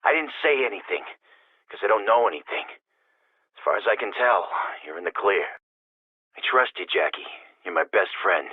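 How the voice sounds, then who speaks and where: A game character on a tinny phone line. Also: male voice, lowish voice, expressive, normal speed, pauses often, husky, dry recording. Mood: earnest. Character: men calling on the phone in a game. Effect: telephone.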